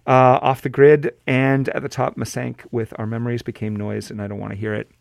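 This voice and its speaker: A young man closes out his radio show in a loose, unhurried way, stumbling through fillers as he chats with his guest. His voice has a rough, creaky edge, and he sounds close to a studio microphone. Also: medium pitch, level tone, no room sound. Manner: laid-back, halting with many fillers. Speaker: radio host. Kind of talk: casual radio chat.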